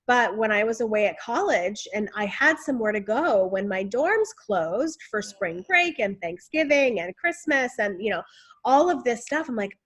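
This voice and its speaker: Woman, interview guest, lively expressive talk, somewhat high voice, casual chat. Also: normal speed, husky. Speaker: guest, author and speaker.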